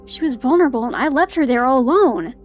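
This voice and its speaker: A woman reading first-person narration for a tired young woman detective in a visual novel game, brisk and flat. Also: sits high, soft background music.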